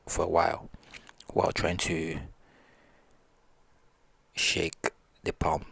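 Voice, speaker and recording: A man telling folk stories in a relaxed, rambling way. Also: low-pitched, slow, gravelly, slightly rough, dry recording. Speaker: storyteller. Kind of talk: casual folk storytelling.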